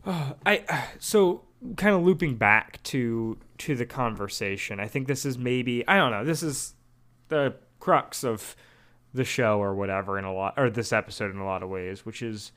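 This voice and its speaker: Halting, thoughtful man in casual talk. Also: medium pitch, fairly bright tone. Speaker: podcast co-host. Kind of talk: casual chat.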